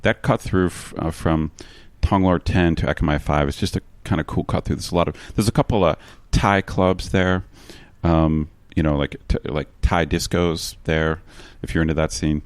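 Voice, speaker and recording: Low and resonant, this male co-host's voice comes through clear and dry at a moderate pace. He's from expat living in Bangkok, casually chatting on a podcast in an agreeable, easygoing manner with frequent restarts.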